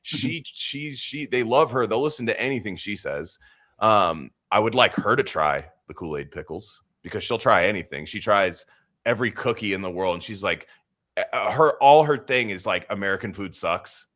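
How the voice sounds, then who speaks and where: A man hosting a podcast in casual, crude banter, rambling and swearing, now and then mocking accents in a high put-on voice. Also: lively intonation, moderate pace, fairly bright tone. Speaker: podcast host.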